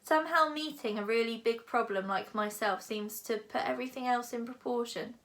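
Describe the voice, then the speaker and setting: A woman's voice: on the high side, moderate pace, a bit bright. A woman voicing a huge cheerful male dragon, philosophical and menacing, with a genial, pompous manner.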